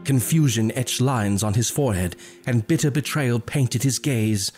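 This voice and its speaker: Over gentle background music, a man narrates a scripted tale. His voice is mid-range, and his delivery is deliberate and dramatic.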